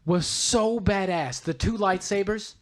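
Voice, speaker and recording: A man co-hosting a casual podcast chat, an excited fan who keeps calling things badass. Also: sits high, a little slow. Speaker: podcast co-host.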